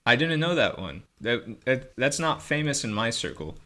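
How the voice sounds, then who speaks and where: Wry bright-toned man. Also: mid-range voice, moderate pace. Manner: wry, deadpan, hesitant. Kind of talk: casual chat.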